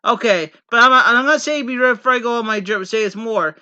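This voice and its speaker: A man's voice: very high-pitched, fast, pushed and bright, clean tone, dull audio. A man from the Pennsylvania coal region talking in a rambling, earnest monologue, repeating himself with many false starts. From Pennsylvania coal region, USA. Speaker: vlogger. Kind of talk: casual rambling monologue to camera.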